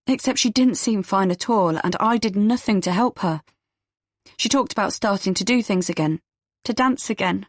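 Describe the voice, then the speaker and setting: A woman's voice: mid-range voice, normal speed, no echo, studio quality. A woman narrating a first-person audiobook, giving characters small shifts of voice and dropping to a whisper for some lines.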